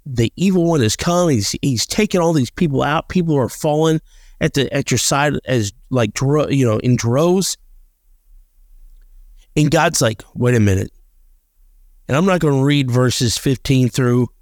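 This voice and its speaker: Gravelly-voiced man talking faith. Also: mid-range voice, darkish tone, no echo, clean studio sound. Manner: earnest, repeats words and restarts often. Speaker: podcast co-host. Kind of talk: casual faith talk with scripture reading.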